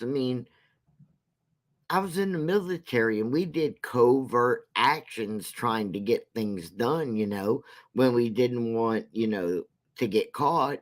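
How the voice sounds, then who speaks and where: A man hosting a casual livestream, talking slowly and repeating himself for emphasis. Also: medium pitch. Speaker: livestream host; military veteran.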